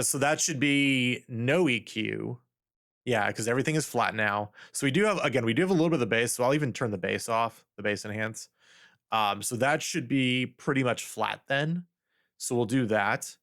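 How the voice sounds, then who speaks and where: Slightly bright and medium in pitch, this man's voice comes through a studio desk mic as he streams from home, music going behind him. He chats loosely and says goofy test lines over and over while adjusting his mic settings.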